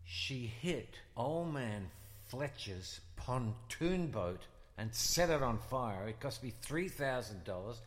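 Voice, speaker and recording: An actor playing a blunt, money-minded business partner with a Brooklyn accent in an improvised comedy drama. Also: male voice, medium pitch, lively intonation, slow, few pauses, long reverb tail. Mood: irritated. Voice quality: blunt, exasperated, bossy.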